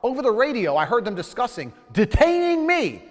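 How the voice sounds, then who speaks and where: A man's voice: very high-pitched, huge pitch swings, fairly quick, in a large hall. A man telling a heated anecdote in an indignant, profane, ranting way. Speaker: storyteller.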